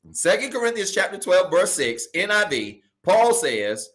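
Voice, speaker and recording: A male pastor preaching a sermon in a casual, colloquial way, repeating key phrases and swinging from loud emphasis to soft asides. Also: on the high side, very animated, moderate pace, few pauses.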